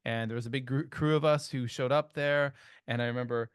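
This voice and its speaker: A man's voice: mid-range voice, fairly even intonation, a little fast, smooth, dry recording, studio quality. A man with a Canadian accent hosting a podcast, telling stories in a chatty way with many restarts. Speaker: podcast host. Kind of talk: casual podcast chat.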